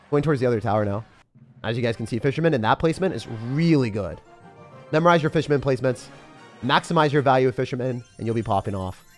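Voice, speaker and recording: A young man giving live commentary as he plays a mobile game, thinking aloud and breaking into sudden excited yelps. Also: medium pitch. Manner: excitable, talks to himself while playing, sudden yelps. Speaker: game streamer.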